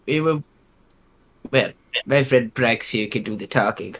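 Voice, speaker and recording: A man playing a tabletop game, reacting in quick, casual banter. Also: medium pitch, fairly bright tone, breathy edge. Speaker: player.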